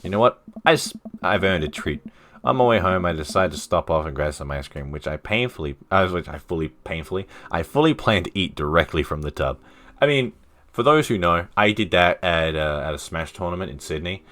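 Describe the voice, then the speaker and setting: A man's voice: low voice, animated, a little fast, fairly bright tone. A man streaming a dating game, reading its dialogue aloud with playful, self-mocking asides. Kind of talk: casual let's-play commentary, reading dialogue aloud.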